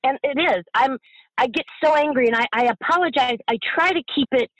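The guest is a grieving middle-aged mother whose emotional interview comes out in passionate, halting bursts, with repetition and moments close to tears. The poorly recorded audio shows a high, fairly bright voice and no room sound.

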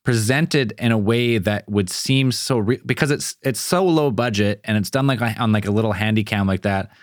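Low-voiced rambling man. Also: moderate pace, no echo, clean studio sound. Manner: rambling, filler-heavy, retells stories. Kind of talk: casual chat reviewing a film.

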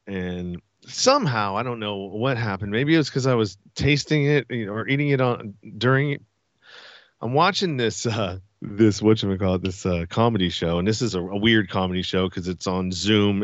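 A man telling a funny story as a podcast guest, animated and laughing as he talks. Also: fairly low pitch, dry recording, dull audio. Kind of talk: casual storytelling.

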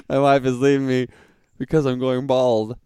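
A man's voice: medium pitch, mellow, clear, resonant tone, no room sound. A man co-hosting a podcast in casual chat, reading out dad jokes and often breaking into giggles. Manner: giggly, breaks into laughter mid-joke. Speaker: podcast co-host.

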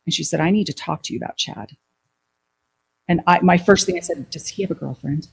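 A woman telling a personal story as an interview guest, acting out what people said in lively quoted dialogue. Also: fairly low pitch, a little fast, gravelly, breathy edge.

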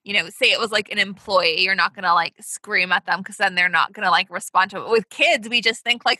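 A woman's voice: mid-range voice, brisk, few pauses, sharp tone, no room sound. A young woman co-hosting a podcast, chatting casually and laughing often, with lots of "like". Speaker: podcast co-host. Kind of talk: casual chat.

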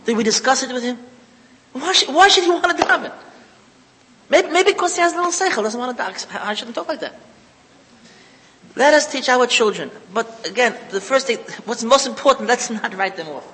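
A man delivers a religious lecture in a high, bright voice, driving points home by repeating them. He sprinkles Hebrew and Yiddish terms through his English. The sound carries a long hall reverb over faint background noise. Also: fairly quick, long pauses. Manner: emphatic, repeats key phrases, mixes in Hebrew and Yiddish terms. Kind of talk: lecture to an audience.

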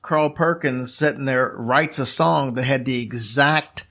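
A man's voice: mid-range voice, unhurried, fairly bright tone. A man casually telling a long story as a podcast host, rambling with fillers and restarts.

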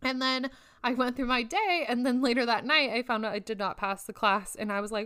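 A woman's voice: on the high side, a little fast, a bit bright, smooth. A woman in her twenties hosting a solo podcast, talking candidly and casually with lots of filler words. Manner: candid, chatty, frequent "like" fillers, occasional swearing. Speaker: podcast host.

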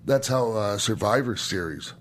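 A man's voice: lowish voice, expressive, normal speed. A middle-aged man, a former wrestler co-hosting a podcast, telling old stories in a casual, enthusiastic way, swearing freely and restarting sentences. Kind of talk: casual storytelling chat.

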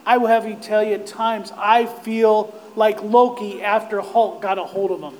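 A man preaching a sermon, impassioned, swelling to near-shouts on quoted cries of despair. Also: high-pitched, steady tone, moderate pace, a little hiss or hum, low-quality recording.

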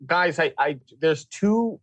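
A man's voice: a little high, animated, takes it slowly. A Canadian man co-hosting a podcast in casual chat, hesitant and often restarting. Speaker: podcast co-host.

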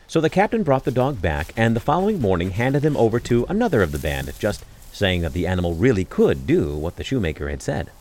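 A man narrating a fairy tale in an expressive storytelling style, with wry asides. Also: lowish voice, a little fast, few pauses.

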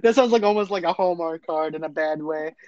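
A man's voice: fairly high pitch, fairly quick, crowd noise. A man casually discussing a movie in conversation, leaning on fillers like "actually" and "and everything". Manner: conversational, repeats "and everything", "actually", "though, too". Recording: dull lo-fi recording.

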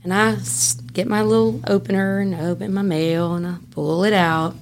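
A woman with a Louisiana Southern accent, a podcast guest telling a story in casual, animated fashion, laughing and swinging between loud and hushed. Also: mid-range voice, moderate pace, slight background noise. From Southern United States. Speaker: podcast guest, former prison classification officer.

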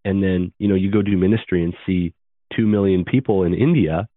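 A man in his thirties recounts his past in an earnest, brisk storytelling manner. His voice sits very low. The sound is dry and narrow, like it came down a phone line. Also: fairly even intonation, no echo. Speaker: podcast guest. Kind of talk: storytelling interview.

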